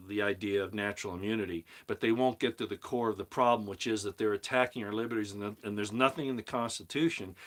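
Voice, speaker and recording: A man's voice: fairly low pitch, fairly bright tone. A man hosting a casual live stream monologue, rambling, often repeating and restarting words, and pressing his points with rising emphasis. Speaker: host of a live commentary stream. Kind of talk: casual monologue, reading viewer comments.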